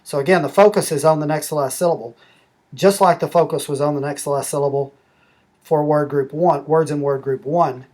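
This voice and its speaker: A middle-aged man walking through a language-learning app step by step, explaining rules slowly and methodically. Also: fairly high pitch, fairly even intonation, darkish tone. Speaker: app demonstrator. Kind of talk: screen-recorded app tutorial.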